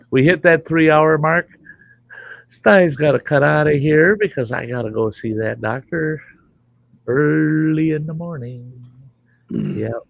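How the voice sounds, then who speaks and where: On his show, a middle-aged man chats casually through rambling stories full of profanity, laughing mid-story. He has a creaky mid-range voice, captured in a dry recording.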